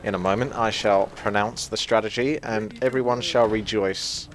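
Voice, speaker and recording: A man's voice: fairly low pitch, fairly even intonation, moderate pace, background noise. A young man with a mixed British accent giving playful, self-mocking, chatty commentary over a strategy game. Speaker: gaming commentator. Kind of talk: casual gameplay commentary.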